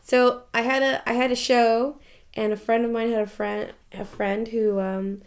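A woman painter speaking candidly in a documentary interview, emotional and quick to laugh, swearing casually. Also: fairly high pitch, little pitch movement. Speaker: painter interviewed about her life.

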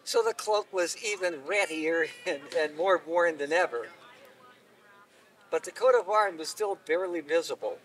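A man telling a folk tale aloud at an outdoor event, unhurried and expressive, recorded from a distance. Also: on the high side. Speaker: storyteller. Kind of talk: oral storytelling.

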